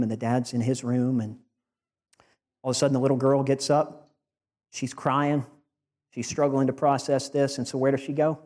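A man's voice: medium pitch, warm tone, long reverb tail. A man preaching a heartfelt farewell sermon to his congregation, building to emphatic rising declarations. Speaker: departing preacher.

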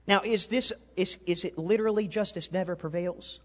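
A male pastor preaching a sermon, animated, swinging between loud and quiet and asking the congregation questions. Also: high-pitched, brisk, hardly any pauses. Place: church sanctuary. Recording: long hall reverb.

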